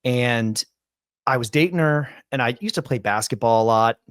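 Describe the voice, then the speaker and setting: A man in his forties hosting a podcast, telling a long story in a rambling, animated, casual way. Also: mid-range voice, normal speed, smooth, no echo, studio quality. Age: 40s. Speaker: podcast host.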